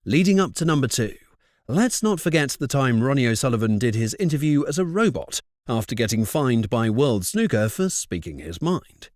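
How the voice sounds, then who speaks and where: A man's voice: mid-range voice, very animated, moderate pace, a little mellow, no room sound, studio quality. A man reading scripted narration for a countdown compilation in an upbeat way.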